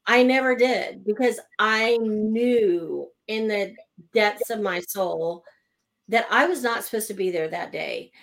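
A middle-aged woman from Oklahoma telling her personal story in conversation, animated and laughing between lines. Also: medium pitch, slow, creaky, low-quality recording.

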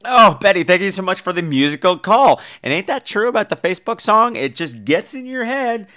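Man, podcast host, playful and cheeky, lively swings in pitch, bright tone. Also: fairly quick. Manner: playful and cheeky, swears for laughs. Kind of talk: casual chat.

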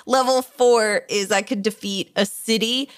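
A woman playing a tabletop role-playing game, talking in an animated, giggly way. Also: on the high side, unhurried, clear, resonant tone. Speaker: player.

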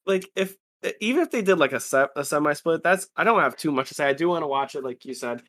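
A man's voice: on the high side, expressive, fast, a bit bright. A man chatting casually about anime in a laid-back, rambling way, acting out what friends said.

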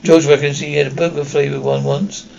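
Male reader doing an offhand, grumbling boy wizard for an audiobook. The voice is gravelly. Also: on the high side, flat delivery, a little fast, a little mellow, lo-fi sound, a little hiss or hum.

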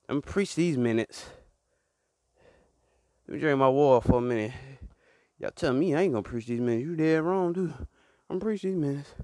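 Wearing a clip-on mic with no room sound, a fairly high-voiced man preaches a comedic mock sermon. He leans on a preacher's rhythm and call-and-response with his audience, laughing often between lines.

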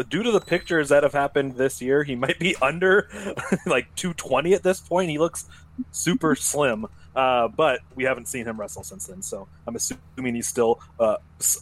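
A man's voice: mid-range voice, moderate pace. A man on a casual podcast over a voice call, earnest and hesitant, with many fillers. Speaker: podcast panelist.

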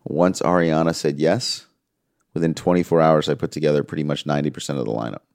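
A man's voice: very deep voice, fast talker, creaky, no echo, studio quality. A man, an interview guest telling an earnest story and quoting the people he talks about. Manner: earnest, quotes others in lively voices. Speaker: music manager, interview guest.

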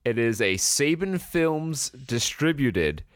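A man's voice: mid-range voice, very animated, takes it slowly, no room sound, clean studio sound. A man co-hosting a podcast in casual chat, rambling and sarcastic, swearing freely. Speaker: podcast co-host.

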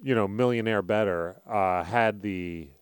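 A man's voice: lowish voice, measured pace, smooth, dry recording, studio quality. A man with a Philadelphia accent co-hosting a podcast, talking sports bets in a brash, profane, joking way. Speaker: podcast co-host. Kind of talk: casual sports betting chat.

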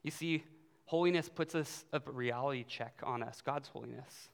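A man's voice: medium pitch, moderate pace, creaky, clear, resonant tone. A man preaching a sermon as youth pastor, in a casual, conversational way with fillers. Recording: long hall reverb.

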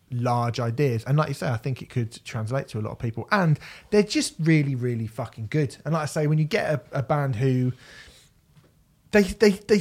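Male podcast co-host, casual chat, rambling and emphatic, medium pitch. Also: darkish tone. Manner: rambling, emphatic, repeats words. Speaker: podcast co-host reviewing albums.

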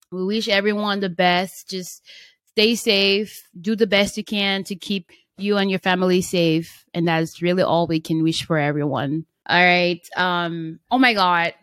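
Lively woman hosting a casual podcast. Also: mid-range voice, no room sound, studio quality. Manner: animated, laughs easily, teasing. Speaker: podcast host.

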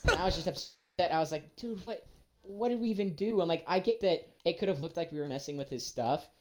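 A young man, casually telling a story and acting out every quote with big jumps in his voice. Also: fairly quick. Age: young adult. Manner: animated, acts out quotes with big pitch jumps.

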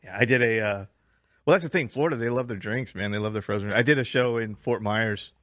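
A man's voice: lowish voice, quick pace, fairly bright tone, no echo. A man who is a stand-up comedian and podcast host, telling rambling road stories in casual chat, swearing and laughing often.

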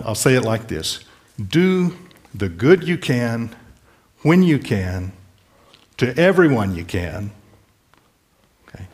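A man preaching a sermon, earnestly pleading with listeners and restating scripture in plain words. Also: medium pitch. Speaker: pastor.

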